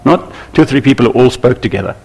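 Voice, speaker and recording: A man preaching a sermon to church leaders, animated and acting out little scenes with voices. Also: medium pitch, fast talker, creaky, slightly rough. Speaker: pastor.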